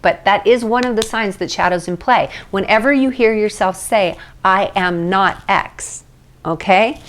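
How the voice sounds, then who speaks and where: A woman teaching an emotional tapping session, explaining at length in a chatty way with light asides, then guiding slow repeat-after-me statements. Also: medium pitch. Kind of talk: guided tapping lesson. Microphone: phone or camera mic.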